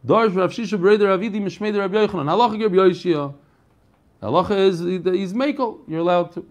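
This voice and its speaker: Speaking briskly in a high voice, an American Talmud teacher chants the Aramaic passage in a singsong. Afterward he explains it in casual English, tossing chatty asides to the class.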